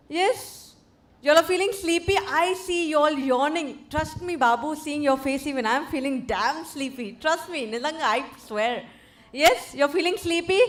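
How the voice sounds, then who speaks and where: A woman's voice: sits high, moderate pace. A woman with an Indian English accent hosting a live event in a hotel hall, teasing and coaxing the crowd to get their energy up. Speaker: event host. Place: large indoor hotel hall.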